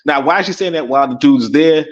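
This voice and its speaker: A Caribbean-born man co-hosting a casual talk show, rambling and animated, with many restarts and laughs. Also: on the high side, fast, dull audio. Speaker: podcast co-host. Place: in Africa.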